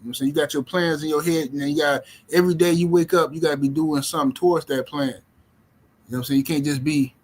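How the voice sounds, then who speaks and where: Middle-aged male livestream host, husky tone, animated slang delivery. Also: on the high side, fast talker. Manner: animated, slangy, repeats himself. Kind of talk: casual livestream talk. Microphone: streaming mic.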